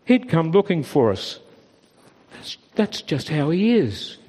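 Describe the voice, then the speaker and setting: A man voicing a gentle, wise old female sheep in a story read aloud. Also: fairly high pitch, slow pace, exaggerated voice. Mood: tender. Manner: calm, reassuring. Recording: reverberant church hall.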